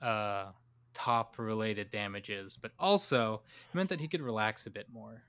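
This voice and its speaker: A man's voice: fairly low pitch, measured pace, a bit bright, smooth. A young man co-hosting a podcast, telling a story in a loose, joking way with many fillers. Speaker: podcast co-host. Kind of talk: casual storytelling chat.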